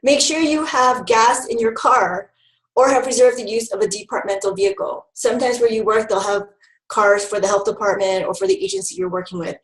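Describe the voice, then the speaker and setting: A woman leads a training presentation for new health educators. Her voice sits fairly high, and she keeps an upbeat, instructive tone broken by frequent ums. The room around her is echoey. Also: lively intonation, a little fast.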